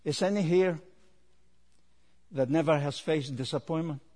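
A man preaching a sermon, rising to loud emphatic peaks and dropping low, with repeated rhetorical questions. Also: unhurried. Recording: long hall reverb.

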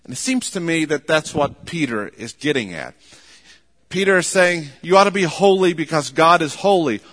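A man preaching a sermon in a measured, emphatic way, often repeating words for stress. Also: on the high side, lively intonation, a bit bright. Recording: long hall reverb.

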